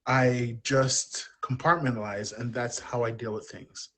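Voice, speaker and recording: A man's voice: medium pitch, fairly even intonation, a little slow, a bit bright. Candid man telling a personal story. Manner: open, self-deprecating, rambling. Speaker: podcast guest.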